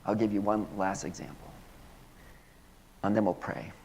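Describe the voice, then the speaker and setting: A male minister preaching a sermon, earnest, often repeating and restarting words, then moving into a slow hushed guided prayer. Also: lowish voice, little pitch movement, a little hiss or hum. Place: church sanctuary.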